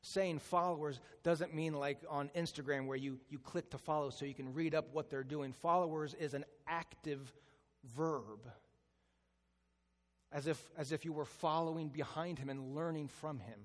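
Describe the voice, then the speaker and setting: A man delivers a sermon as a pastor, his voice sitting a little high for a man. He leans into a slow, hushed delivery when he stresses a point. A long reverb from the hall trails after every phrase.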